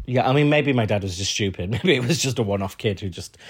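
A man from Huddersfield with a Yorkshire accent, co-hosting a casual podcast chat, telling stories with deadpan jokes. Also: on the low side, fast talker, husky. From Huddersfield, England. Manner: chatty storyteller, deadpan jokes. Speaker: podcast co-host.

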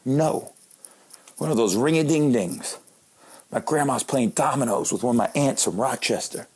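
A man in his late thirties tells comic stories about his life, joking at his own expense. His voice is husky and a bit breathy, at an ordinary male pitch. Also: moderate pace, darkish tone. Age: late 30s. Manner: joking, self-deprecating. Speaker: comedian. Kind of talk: comic storytelling monologue.

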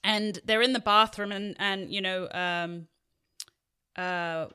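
Podcast co-host, bright crisp voice, casual chat with quick interjections. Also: medium pitch. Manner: quick agreeing interjections, animated retelling.

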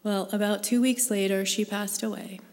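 A woman's voice: medium pitch, fairly even intonation, moderate pace, a little mellow. A woman sharing a personal faith story with a live group, in an earnest, conversational way. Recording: long hall reverb.

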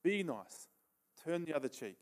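A man's voice: a little high, very animated, normal speed. Man, middle-aged, preacher, casual sermon, conversational, checks in with "okay?", laughs between points. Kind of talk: sermon with live demonstration.

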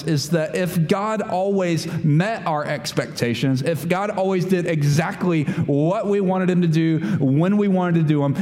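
A pastor giving a sermon, talking animatedly and acting out the voices of Bible figures. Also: male voice, a little high, a little mellow. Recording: long hall reverb, faint room noise.

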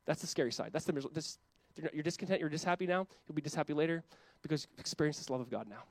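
A young adult man preaching a sermon as pastor, impassioned and often voicing God in quick quoted asides. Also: a little high, dry recording.

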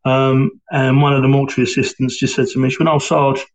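Halting, flat-voiced man. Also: mid-range voice, low-quality recording. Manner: hesitant, halting, with many fillers and restarts. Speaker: interviewee, former police sergeant. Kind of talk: reflective personal account.

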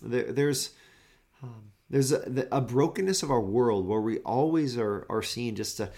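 A man's voice: mid-range voice, a little slow, mellow. Earnest male pastor giving a devotional. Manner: earnest, with frequent restarts and repeated words. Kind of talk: devotional sermon.

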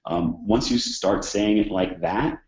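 Male instructor with a cold, very low and husky-sounding, talks loosely with lots of fillers; roomy, dull sound. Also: takes it slowly, darkish tone. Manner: conversational, many fillers and restarts. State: hoarse from a cold. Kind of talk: informal exam-prep lecture.

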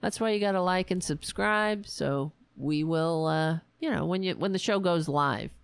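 A woman's voice: fairly low pitch, moderate pace, creaky, clear, resonant tone, dry recording, clean studio sound. A woman hosting a political livestream, blunt and sarcastic, outraged at politicians, tired and with a strained voice. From United States. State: tired, voice going. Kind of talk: casual livestream political commentary.

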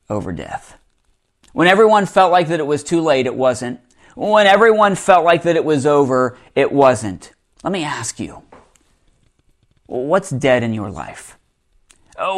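A man preaching a sermon in a conversational way, reading scripture and dropping to a hushed voice for emphasis. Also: on the high side. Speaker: pastor.

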